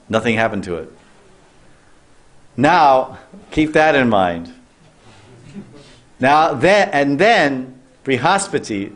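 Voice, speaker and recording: A man as a spiritual teacher, telling a sacred story in a loose sermon with restarts and questions to the listeners. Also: mid-range voice.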